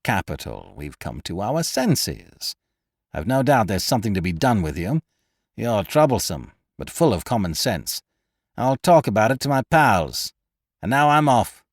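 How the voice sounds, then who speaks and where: A man voicing a menacing, misshapen male clerk turned crook, with gruff, mocking threats. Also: lowish voice, sing-song, unhurried, no room sound, studio quality, heavily acted. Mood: smug.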